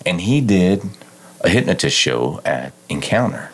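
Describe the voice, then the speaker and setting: A middle-aged man from West Texas, a college alumnus and amateur hypnotist, telling stories in a low, smooth radio-like voice with halting restarts. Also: sing-song. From West Texas, United States. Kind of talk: casual interview chat.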